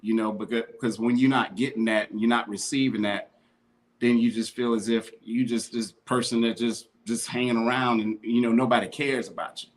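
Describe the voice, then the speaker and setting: A man's voice: mid-range voice, fairly even intonation, moderate pace. A man co-hosting a podcast, talking in a heartfelt, slangy, casual way. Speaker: podcast co-host.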